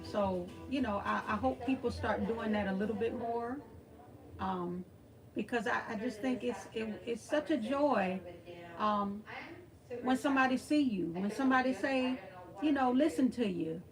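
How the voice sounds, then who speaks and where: Texas country woman hosting a live stream, bright high voice, chatty and folksy with the chat. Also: normal speed, music in the background. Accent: Southeast Texas. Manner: warm, folksy, reads and answers the chat, calls people honey and girl.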